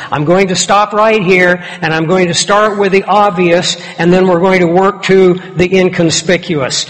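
A man preaching an expository sermon with emphatic, deliberate delivery. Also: sits high, flat delivery, a bit bright. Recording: long hall reverb.

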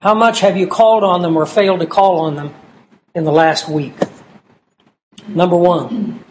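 A man preaching a sermon, slowing down to stress key words as he lists scripture passages. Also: high voice, steady tone, a little hiss or hum, low-quality recording. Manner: slow and emphatic on key words, citing scripture verses.

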